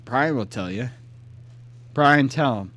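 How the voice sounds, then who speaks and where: A man co-hosting a podcast in loud, joking, profane banter. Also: medium pitch, expressive, slow. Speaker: podcast co-host. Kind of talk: casual chat.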